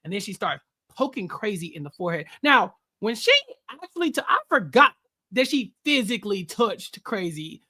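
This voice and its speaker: Male host, animated storyteller, bright voice, lots of melody. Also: high voice, moderate pace. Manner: animated storytelling, acts out quotes. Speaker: podcast host. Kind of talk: casual recap chat.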